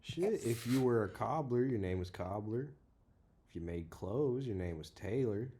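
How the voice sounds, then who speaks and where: A man's voice: lowish voice, expressive, normal speed, mellow. A man co-hosting a casual podcast, joking around and teasing his co-host, and sometimes reading a passage aloud. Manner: jokey, teases his co-host.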